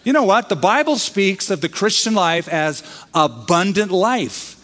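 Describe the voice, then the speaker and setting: Pastor preaching in a reverberant hall. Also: male voice, high voice, lively intonation, unhurried, fairly bright tone. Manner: conversational preaching with quoted voices and humor. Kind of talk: sermon.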